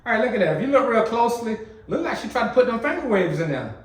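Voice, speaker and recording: A man's voice: very high voice, sing-song, fast talker, reverberant, recorded from a distance, low-quality recording. A man hosting a reaction video, commenting casually on a clip and teasing while talking straight to his viewers. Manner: chatty, teasing, addresses viewers as fam.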